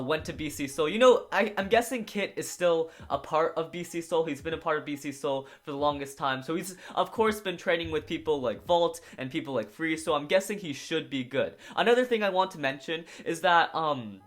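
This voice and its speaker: A man's voice: a little high, a bit bright. A man casually recapping and reviewing an anime episode, rambling with lots of filler words.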